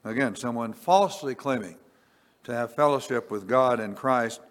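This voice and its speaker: A man preaching a sermon, reading scripture slowly and deliberately, rising on key words and dropping quiet on asides. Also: medium pitch. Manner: slow, deliberate, swells on scripture then drops quiet. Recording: long reverb.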